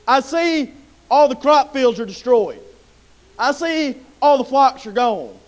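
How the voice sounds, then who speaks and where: A man preaching a sermon with impassioned storytelling. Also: very high voice.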